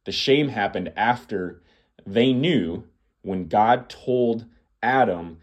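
A man's voice: lowish voice, slow pace. A man hosting a podcast, preaching earnestly to the listener with emphatic, repeating phrases. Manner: earnest, addresses listener as "my friend". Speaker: podcast host. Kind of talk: preaching monologue.

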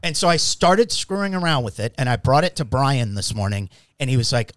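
A male podcast host with a very animated, up-and-down delivery tells a joking story. His voice sits mid-range and the studio sound is dry and close. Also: mid-range voice, a little fast, no echo. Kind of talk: casual podcast chat.

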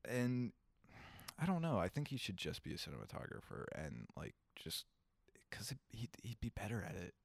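A young man from Kentucky co-hosting a podcast in casual chat, rambling and animated, laughing often. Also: on the low side, normal speed, creaky. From Kentucky, United States. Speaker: podcast co-host.

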